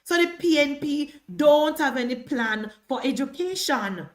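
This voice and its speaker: A Jamaican woman with a high-pitched voice delivers live-stream political commentary. She talks in an emphatic, combative way, repeating her points again and again to drive them home. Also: animated, measured pace.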